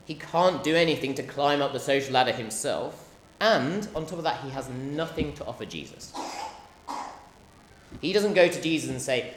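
A man's voice: mid-range voice, lively intonation, normal speed. A man preaching a sermon, impassioned, acting out the cries and the crowd's voices as he goes. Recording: roomy hall echo, faint background noise.

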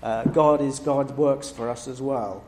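A man preaches in a measured, emphatic way, leaning on each word of his lists. His voice sits at an ordinary pitch and rings in a roomy, echoing space with a faint hiss behind it. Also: steady tone, warm tone. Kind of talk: sermon. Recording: echoey room with faint background noise.

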